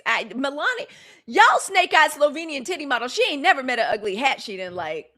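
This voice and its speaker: A woman hosting a daily live news stream, talking in a sassy, animated way straight to her viewers. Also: high voice, unhurried. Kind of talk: casual live-stream commentary.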